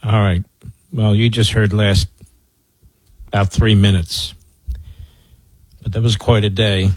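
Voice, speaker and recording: A man's voice: fairly low pitch, little pitch movement, takes it slowly, breathy edge, no room sound, low-quality recording. A man hosting a talk radio show, telling a story in an emphatic, boastful manner.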